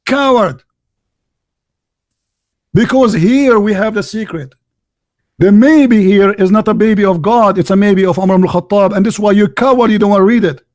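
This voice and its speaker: A man with a high, voice hosts a heated live call-in debate. He talks combatively, cuts in and repeats phrases over and over. He says he is losing his voice. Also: moderate pace, long pauses, a little mellow, no echo, clean studio sound.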